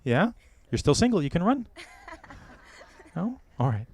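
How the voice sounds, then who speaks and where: A middle-aged American man officiating a wedding, giving joking, gentle advice to the couple. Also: a little high, very animated, measured pace, breathy edge. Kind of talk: wedding ceremony address. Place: outdoor or hall wedding ceremony.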